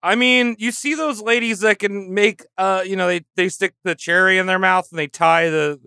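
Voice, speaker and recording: A man co-hosting a comedy podcast who chimes in with quick jokes during casual banter. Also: high voice, steady tone, creaky, sharp tone, smooth, no room sound, studio quality. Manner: quick jokey interjections. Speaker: podcast co-host.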